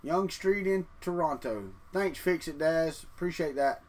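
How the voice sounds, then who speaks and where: A man's voice: fairly high pitch, measured pace. A man, hosting a casual livestream from his trailer home and chatting folksily with viewers. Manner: folksy, talks straight to chat. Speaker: 3D printing livestream host.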